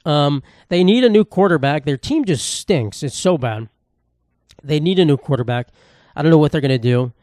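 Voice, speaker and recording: A man's voice: fairly high pitch, animated, moderate pace, darkish tone, no echo, studio quality. A young man from New York hosting a casual solo podcast in a rambling, sarcastic, profane way. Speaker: podcast host.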